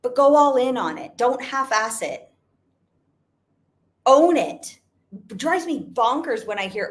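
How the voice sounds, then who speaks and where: Her voice is high-pitched, with big swings in pitch, a slightly slow pace and frequent pauses. This young adult network marketing business owner delivers an emphatic motivational talk, going over her points again and again and leaning heavily on "like."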